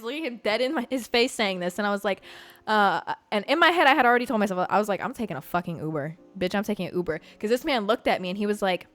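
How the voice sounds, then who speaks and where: A woman from Georgia hosts her podcast, recounting a story in a loose, casual monologue. Her voice sits at a middle pitch, and she swears bluntly as she talks. Faint music plays underneath. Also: quick pace. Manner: blunt, profane, animated storytelling. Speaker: podcast host.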